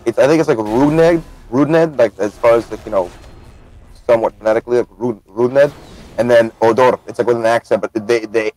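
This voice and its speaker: A man's voice: on the low side, a little mellow, low-quality recording. A man from the United States streaming a game, chatting casually and explaining things at length. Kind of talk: casual gaming chat.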